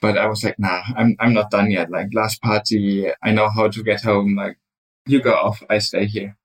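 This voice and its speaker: German guy, english not his first language, lowish voice, stops and hunts for words. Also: level tone, moderate pace, rough recording. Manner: hesitant, searching for words, many fillers. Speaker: storyteller. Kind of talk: casual storytelling.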